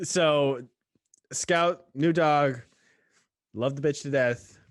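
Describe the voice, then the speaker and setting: A man's voice: on the high side, extremely slow, dry recording, studio quality. A young man hosting a podcast, giving short, friendly replies and laughing along with his guest. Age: young adult. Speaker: podcast host. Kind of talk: casual chat.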